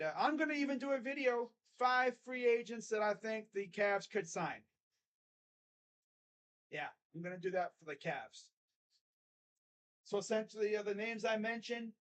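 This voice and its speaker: A man giving casual live play-by-play reaction to a basketball game, jumping between loud excited calls and low muttered grumbling as a rambling fan. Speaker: sports YouTuber doing live play-by-play.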